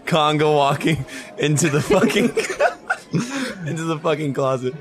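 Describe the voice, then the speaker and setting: A man's voice: on the high side, sing-song, unhurried, a crowd in the background. A man playing a tabletop game, joking around and laughing as he plays his character. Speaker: player. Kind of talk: casual in-character play.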